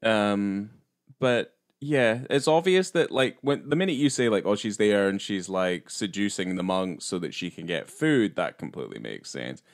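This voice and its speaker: A man with a low voice co-hosts a casual film podcast. His delivery is rambling and hesitant, full of restarts and offhand swearing, and his pitch swings around a lot as he thinks aloud. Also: lively intonation, normal speed. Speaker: podcast co-host. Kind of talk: casual film review chat.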